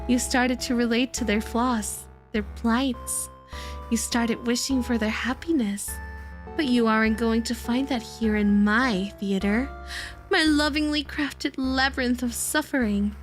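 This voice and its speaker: A woman reading a cruel theater host, slow and mocking. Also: fairly high pitch, faint music behind, lightly acted. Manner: mocking, grandly polite. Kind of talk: reading game dialogue aloud.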